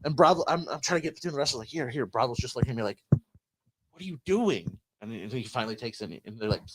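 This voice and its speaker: A man's voice: mid-range voice, very fast, noisy background. A man hosting a podcast, telling a rambling casual story and acting out what people said. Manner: rambling anecdote with acted-out quotes. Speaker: podcast host.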